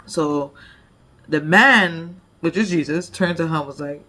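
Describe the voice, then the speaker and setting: A woman's voice: low voice, measured pace, bright, forceful tone. A woman leading a devotion, retelling a Bible story conversationally with frequent "like" and "you know". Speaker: devotion leader.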